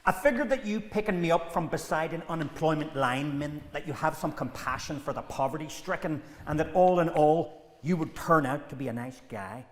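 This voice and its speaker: A man's voice: fairly high pitch, fairly quick, close to an everyday voice. Irish guy doing a sarcastic broke irishman, echoey theatre hall. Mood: wry. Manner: wry, sarcastic. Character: down-and-out Irish man, cheeky and quick-witted. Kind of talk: stage play reading.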